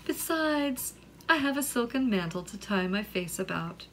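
A woman putting on a light, high voice for a vain young girl in a recited poem. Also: expressive, unhurried, slight background noise. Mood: proud.

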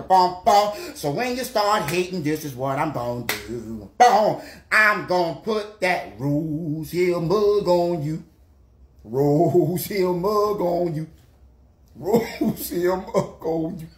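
An actor playing an older Southern granddad with a Gullah Geechee accent, rambling and stammering through comedy stories. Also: male voice, high voice, a bit bright, roomy sound, slight background noise.

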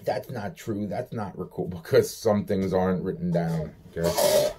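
Deep-voiced man ranting, profane and exasperated. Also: normal speed, background noise. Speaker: vlogger. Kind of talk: rambling solo rant.

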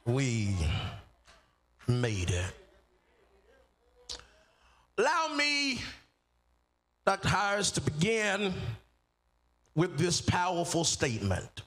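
A man preaching as a guest pastor at a church service, emphatic and repetitive, drawing out key words and building to shouts while he calls on the congregation to answer. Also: high voice, wildly swooping pitch. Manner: drawn-out phrasing on key words. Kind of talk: sermon with call and response.

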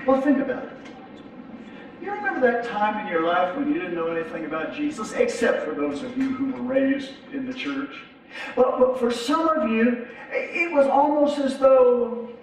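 A middle-aged man preaching a sermon as pastor, talking conversationally and often repeating his words as he restarts. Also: extremely high pitch. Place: large church sanctuary. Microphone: distant from the mic. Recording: echoey church hall from far off.

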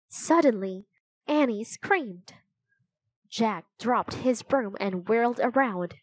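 Slow, dry-voiced woman reading a storybook. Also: a little high, expressive, dry recording, rough recording. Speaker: storybook narrator. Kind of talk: reading a children's chapter book aloud.

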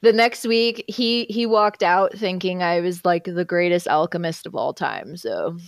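A woman's voice: on the low side, a little slow, gravelly, no room sound, studio quality. A woman guest, a hypnotherapist, telling a story in casual chat, laughing often and acting out the people she quotes. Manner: laughs often, animated retelling with quoted voices.

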